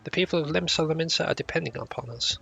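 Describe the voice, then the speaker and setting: A proud, earnest young scholar from a fantasy game, as a man puts him on. He talks in formal, old-fashioned phrases with a slightly high, bright and rough-edged voice. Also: fast, soft background music. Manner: formal old-fashioned speech, stumbles over words.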